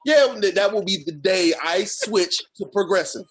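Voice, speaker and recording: A man's voice: sits high, animated, normal speed, few pauses, a bit bright. A man co-hosting a podcast, ranting in heated, profane casual chat. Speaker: podcast co-host.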